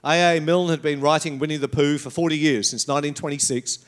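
A man's voice: fairly high pitch, fairly even intonation, fast talker. A middle-aged man, born in England, preaching a sermon in a storytelling way. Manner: storytelling, with brief put-on voices and accents. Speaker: pastor.

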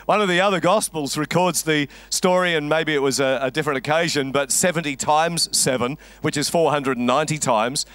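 A man's voice: fairly high pitch, brisk, hardly any pauses, a bit bright, no echo. A man preaching a sermon, telling a story with a wry, conversational humor. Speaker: pastor.

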